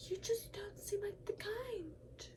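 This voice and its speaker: A woman's voice: extremely high pitch, takes it slowly, in a whisper, distant mic, pitched above the performer's own voice. A young woman putting on the voice of a snooty, prejudiced middle-aged woman, mocking and exaggerated. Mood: condescending.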